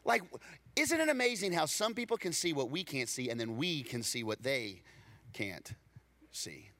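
Bright, animated man preaching. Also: mid-range voice, normal speed. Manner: animated, acts out dialogue, repeats words when excited. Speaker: pastor. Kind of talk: storytelling sermon.

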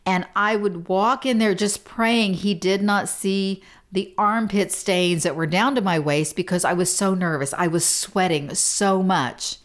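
A middle-aged woman hosting a podcast, telling a story in a casual, animated, self-deprecating way with frequent laughs. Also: mid-range voice, unhurried. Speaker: podcast host.

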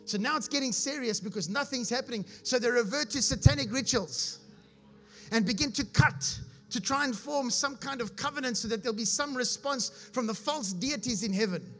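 A man's voice: very high voice, moderate pace, a bit bright, faint music behind. A man preaching, reading scripture aloud and explaining it with humor, often asking if his listeners follow. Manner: asks his audience if they follow. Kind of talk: sermon.

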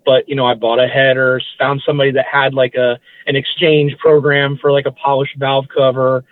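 A man with a mid-range voice and little pitch movement talks at normal speed as a guest in a casual interview. His recollections ramble and he keeps restarting and correcting himself, all over a dry, thin, phone-like recording.

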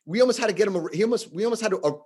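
A man telling stories in casual podcast chat, animated, acting out quotes in shifting voices. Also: high voice, racing, husky.

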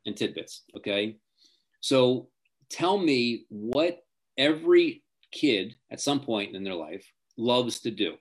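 A man's voice: mid-range voice, very animated, slow. A middle-aged man, a driving coach, giving emphatic advice as an interview guest. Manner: emphatic, acts out quoted parents and teens.

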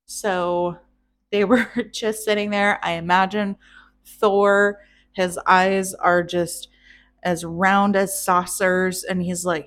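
A woman telling an old myth in a casual, chatty way, slow and unhurried in her delivery. Her tone is irreverent, with swearing and little laughs at her own jokes, at an ordinary middle pitch. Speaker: storyteller host.

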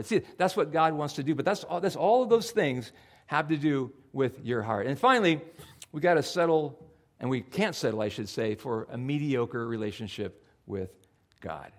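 A man preaching a sermon in a casual, conversational way, acting out his own inner thoughts as he goes. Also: fairly high pitch. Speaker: pastor.

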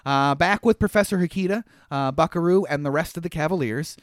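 A man's voice: a little high, fairly quick, no room sound, clean studio sound. A man in his thirties co-hosting a casual movie recap podcast, telling the story with fillers and frequent laughs. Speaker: podcast co-host.

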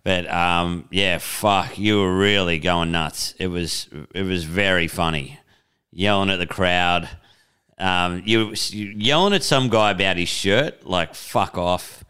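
A laid-back man co-hosts a casual podcast chat. His voice is lowish and smooth. He reacts with short, profane remarks. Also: measured pace, sharp tone. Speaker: podcast co-host.

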